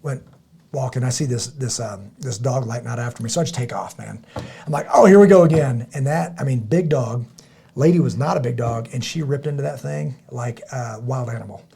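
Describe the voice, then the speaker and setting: Gravelly, husky man in casual chat. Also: mid-range voice, warm tone. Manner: rambling, halting, with many restarts and fillers. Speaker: podcast host.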